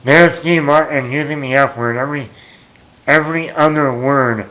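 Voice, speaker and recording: A man's voice: mid-range voice, moderate pace, bright, forceful tone, slight background noise, rough recording. A man hosting a movie talk show, rambling casually as he retells scenes and quotes lines with chuckles.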